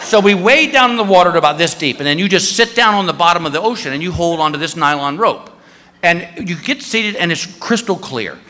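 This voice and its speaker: An animated male stand-up comic with a high, bright voice that leaps all over the place as he acts out his own screams. He plays the story out on a stage mic in a big hall with a long ringing reverb. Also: a little fast, slight background noise. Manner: animated, acting out shrieks and voices. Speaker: stand-up comedian.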